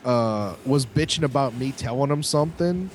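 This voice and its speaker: A man's voice: expressive, moderate pace, slight background noise. Chatty man full of filler words. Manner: loose and chatty, heavy on filler words, pitch jumping up for quoted lines. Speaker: podcast co-host. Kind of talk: casual storytelling chat.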